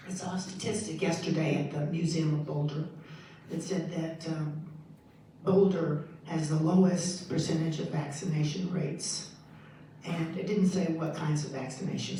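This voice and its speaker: An audience member asking a curious, soft-spoken question during a lecture Q&A. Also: medium pitch, steady tone, normal speed, slight background noise. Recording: echoey hall, voice from far off.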